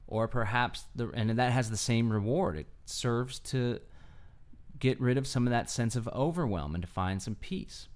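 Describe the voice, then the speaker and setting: A man's voice: mid-range voice, moderate pace, a little mellow. A man giving an earnest solo talk about mindfulness, explaining his points step by step and often checking in with "right?". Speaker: mindfulness speaker.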